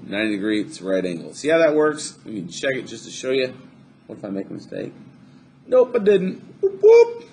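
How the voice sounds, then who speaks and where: A man's voice: mid-range voice, slight background noise. Upbeat man teaching a math lesson. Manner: upbeat, chatty, jokes to himself while drawing. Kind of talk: recorded classroom lesson.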